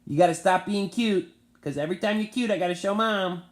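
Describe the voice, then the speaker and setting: A man's voice: sits high, fairly quick. A man filming his pet bird at home, gushing at it in baby talk. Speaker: pet owner. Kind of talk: casual home video.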